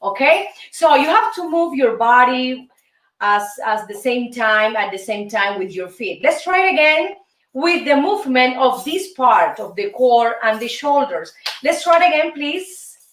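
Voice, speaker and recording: A woman's voice: fairly high pitch, expressive, measured pace, fairly bright tone. A woman with a Cuban Spanish accent hosting a salsa dance lesson, counting steps aloud and chanting rhythm syllables, encouraging her viewers as friends. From Cuba. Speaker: host and dance teacher. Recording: roomy echo, voice from far off, music behind. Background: salsa music.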